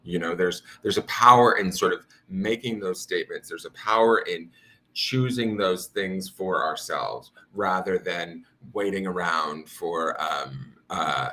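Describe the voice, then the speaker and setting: A man with a deep voice streams a tarot reading from his home altar. His tone is bright and forceful. He talks to his viewers in a loose, meandering way. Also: unhurried. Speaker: tarot reader.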